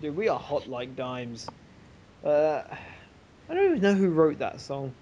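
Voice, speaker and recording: A man's voice: on the high side, big pitch swings, dark tone, muffled recording, a little hiss or hum. Jokey young man hosting a podcast. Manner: jokey, rambling, quick asides. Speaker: podcast host. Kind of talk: casual group chat.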